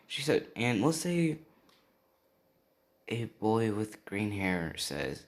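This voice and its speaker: Slow, rambling young man storyteller. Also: fairly low pitch, lively intonation, a bit bright. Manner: rambling, full of fillers. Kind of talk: improvised fan story narration.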